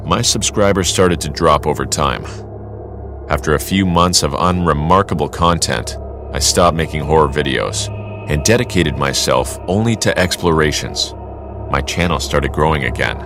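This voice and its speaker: Male narrator with an extremely low voice, steady first-person delivery over a clear music bed. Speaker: story narrator.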